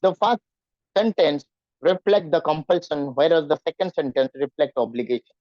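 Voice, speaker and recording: High-voiced teacher. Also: male voice, expressive, moderate pace, no room sound, dull audio. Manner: repetitive, questioning students, acts out nervous voices. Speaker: English teacher. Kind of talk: online class lecture.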